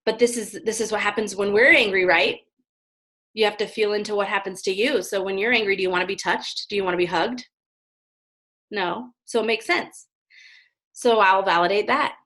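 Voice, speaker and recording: Brief: woman guest, earnest, long explanations, mid-range pitch, casual interview talk. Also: steady tone, normal speed, a bit bright. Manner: earnest, explains at length, often adds "right?". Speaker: parenting guest.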